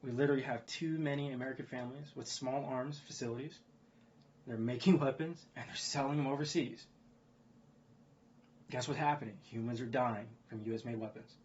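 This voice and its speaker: A man's voice: medium pitch, fairly even intonation, a little fast, a little hiss or hum. A man delivers a heated, rambling news rant in an ordinary middle-range voice, dropping swear words and asking rhetorical questions like "guess what". He circles back and repeats his points as he goes. The audio sounds a bit dull and lo-fi. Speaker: video blogger. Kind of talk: ranting commentary on news.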